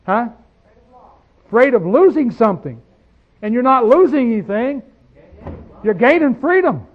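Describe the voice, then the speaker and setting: A man preaching a folksy sermon, reading verses slowly and asking the congregation questions, swinging from quiet asides to loud declarations. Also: very high-pitched, animated, muffled recording.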